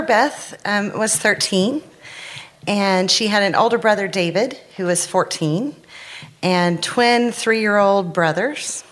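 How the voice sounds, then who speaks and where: A woman in her forties telling a personal story to a live audience from a stage, earnest and candid, with thoughtful pauses. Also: medium pitch, fairly bright tone.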